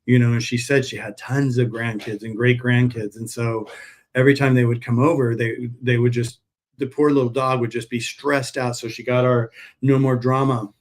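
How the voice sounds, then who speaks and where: A man's voice: mid-range voice, flat delivery, normal speed. Chatty man rambling on a live stream. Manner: friendly sales talk. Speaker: herbal pet supplement seller. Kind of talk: casual live-stream chat while packing orders.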